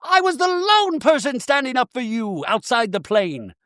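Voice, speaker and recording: A man voicing a frazzled, emotional reality-TV woman in a shrill, exaggerated falsetto. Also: very animated, normal speed, sharp tone, dry recording, clean studio sound, heavily acted. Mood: hurt, indignant.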